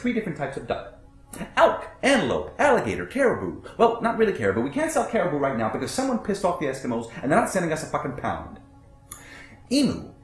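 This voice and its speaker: A profane, blunt New butcher, as a man plays him on stage, tells his life in a stage monologue. His voice swings wildly up and down, sitting a little high. It rings in a roomy theater with faint music underneath. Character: brash foul-mouthed middle-aged male butcher.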